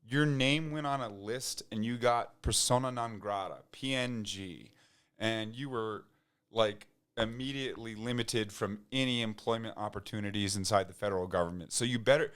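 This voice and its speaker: A man's voice: fairly low pitch, normal speed, smooth. A man, a podcast guest, talking in a loose casual way with many restarts and fillers. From United States. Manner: rambling, frequent restarts and fillers, laughs when excited. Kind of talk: casual conversation.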